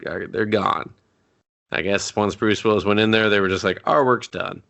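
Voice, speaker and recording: Gravelly-voiced man riffing on a movie. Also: fairly low pitch, a bit bright. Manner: profane, jokey, acts out characters in quick impressions. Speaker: podcast co-host. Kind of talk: casual comedic movie review.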